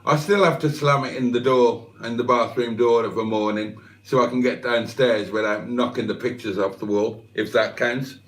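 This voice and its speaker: A man's voice: mid-range voice, steady tone, normal speed, hardly any pauses, roomy sound. An older man hosting a livestream, reading out viewers' comments with jokey, self-deprecating banter. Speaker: livestream host. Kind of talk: casual live chat, reading out comments.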